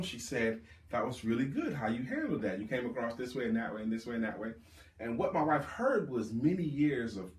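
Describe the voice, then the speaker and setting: Male sales coach, emphatic workshop delivery, roomy echo, distant mic. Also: mid-range voice. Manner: emphatic, drawn-out emphasis on key words. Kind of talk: live sales workshop talk.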